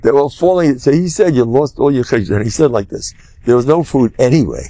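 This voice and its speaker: An older man, a rabbi, giving a humorous Torah lecture full of animated storytelling. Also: mid-range voice, brisk, no room sound. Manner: animated, humorous storyteller who loudly acts out quotes.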